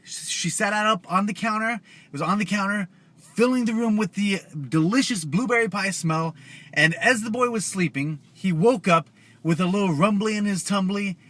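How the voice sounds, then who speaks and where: A man's voice: high-pitched, pushed and bright. A young man telling a scary story casually to his viewers, loose and chatty with slang asides. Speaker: YouTuber.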